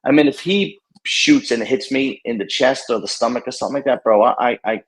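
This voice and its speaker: A man hosts a casual podcast chat at a middling pitch. He stammers and trips over his restarts, repeating words before he finds his point. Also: brisk. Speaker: podcast host.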